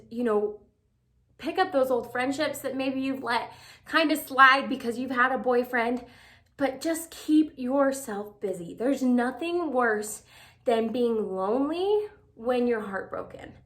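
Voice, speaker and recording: Young female vlogger with a higher voice, chatty and casual, lots of fillers. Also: expressive, slow pace, fairly bright tone. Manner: chatty, lots of "like" fillers, acts out quoted texts. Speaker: advice vlogger. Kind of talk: casual talk to camera.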